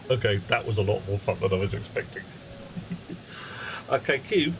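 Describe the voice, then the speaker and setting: A man's voice: fairly low pitch, expressive, slow, creaky, noisy background. A man streaming a game live, rambling through wry, chatty asides to his viewers. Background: game music.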